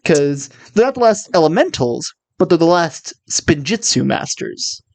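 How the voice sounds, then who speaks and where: A young adult talking casually with a friend in a rambling, good-humored way, at an everyday middle pitch. The recording is dry and close, with no room sound. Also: big pitch swings, measured pace, creaky, darkish tone, no room sound. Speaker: co-host discussing a cartoon series. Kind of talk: casual chat.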